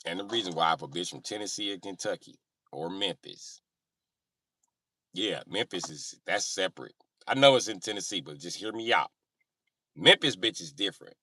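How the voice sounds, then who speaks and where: Speaking at a moderate pace in a low, husky voice, this man hosts a livestream full of profane, joking rants, lively and shifting from loud to soft. The sound is studio grade and echo-free, but the mic is distant.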